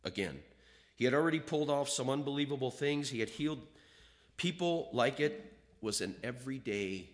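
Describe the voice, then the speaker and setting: Male preacher, animated sermon delivery, voice rising and falling widely, acts out dialogue. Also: medium pitch, normal speed. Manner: animated, acts out quoted voices, reads scripture aloud.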